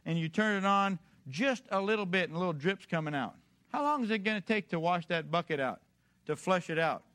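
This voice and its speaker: A male preacher delivering a sermon in a somewhat high voice. He talks straight to his congregation with rhetorical questions. He swings from hushed storytelling to forceful, rising exhortation. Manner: emphatic, rising to loud exhortation.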